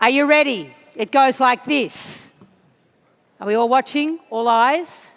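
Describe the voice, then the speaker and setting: A woman leads a congress crowd through a chant and a simple dance, teasing them playfully and rising into shouts to rouse them. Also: high voice, slow, gravelly, faint music behind. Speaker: chant leader at a union congress. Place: large conference hall. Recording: echoey large hall.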